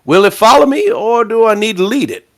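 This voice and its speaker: A man's voice: high-pitched, brisk, voice pushed up, close to an everyday voice. A man voicing an undead male bard with folksy, drawling salesman patter. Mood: friendly.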